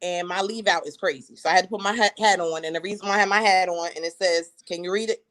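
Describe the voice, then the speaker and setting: Lively New woman, co-host on a casual livestream, slangy, bursts of speed. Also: mid-range voice, quick pace, hardly any pauses. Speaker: co-host and author.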